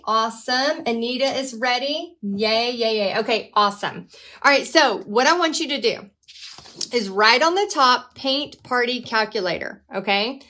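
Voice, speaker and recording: A woman, hosting a live painting class from her home art studio in a chatty, upbeat way. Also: sharp tone. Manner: chatty, upbeat, talks to her dog in a high baby voice. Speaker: painting instructor and host. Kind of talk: casual live-stream teaching.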